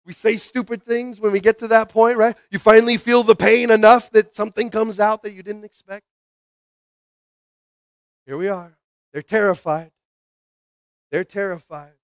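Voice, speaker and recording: A man preaching a sermon as pastor, repeating short phrases and calling for responses, swinging from quiet reading to loud exhortation. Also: high voice, normal speed, clear, resonant tone, no echo. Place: church sanctuary.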